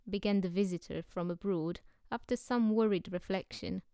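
A woman narrates a novel at a steady, even pace. Her voice is smooth and clear, at a middle pitch for a woman. The recording sounds close and dry, with no room around it. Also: moderate pace, few pauses, no room sound. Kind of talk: audiobook narration.

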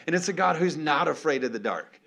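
A man preaching a sermon as a pastor, animated and playful, often calling out for an amen from the congregation. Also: a little high, brisk, creaky. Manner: animated, playful, calls for amens.

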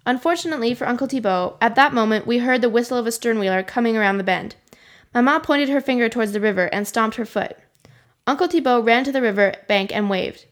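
A woman reading a storybook aloud at home in a kitchen, telling it in a lively way and voicing the characters. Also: fairly high pitch, fast. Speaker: reader.

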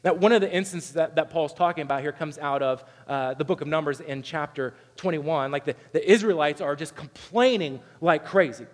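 A man with a high voice delivers an animated sermon, now and then acting out the people he quotes. His voice carries a long reverb, as if it were recorded in a large church hall. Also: fairly quick, hardly any pauses. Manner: animated preaching, acts out quoted complaints in a raised voice. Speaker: pastor.

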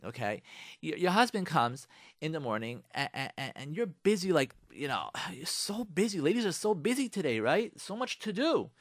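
Animated high-voiced man giving marriage advice. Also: dry recording, clean studio sound. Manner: emphatic, repeats lines for effect, rhetorical questions; addresses listeners directly, coaxing. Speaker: radio show host giving relationship advice.

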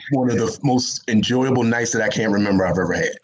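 A man's voice: fairly low pitch, fast talker, breathy edge, low-quality recording. A man with a Southern US accent, a guest writer telling a rambling story on a casual interview, laughing often and restarting his sentences.

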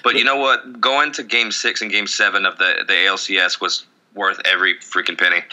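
A man's voice: low-pitched, little pitch movement, fairly quick, pushed and bright, poor audio. A young man co-hosting a casual podcast, joking and ranting with lots of swearing. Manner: rambling, profane, jokey rants. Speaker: podcast co-host. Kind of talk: casual chat.

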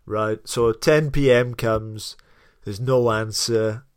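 A man from South Wales with a Welsh accent, co-hosting a podcast and telling anecdotes in a lively, casual way. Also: on the low side, slow pace, smooth, no room sound, clean studio sound. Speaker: podcast co-host. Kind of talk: casual chat.

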